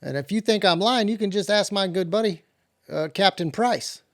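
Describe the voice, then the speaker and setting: A man's voice: high-pitched, moderate pace, pitched above the performer's own voice. A man voicing a boastful, touchy cowboy who tells tall tales of his military service in a rambling, put-on accent. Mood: indignant. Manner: rambling, swaggering bravado.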